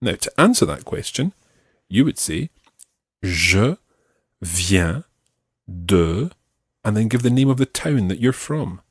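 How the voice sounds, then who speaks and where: A man teaching an audio lesson, speaking slowly and deliberately and repeating phrases for learners. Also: mid-range voice, animated, a little mellow, husky, no room sound, studio quality. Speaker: language teacher.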